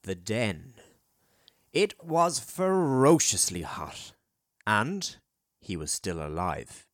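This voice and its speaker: A man narrating a children's adventure audiobook in a measured, expressive storytelling manner. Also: lowish voice, dry recording, clean studio sound. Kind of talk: scripted narration.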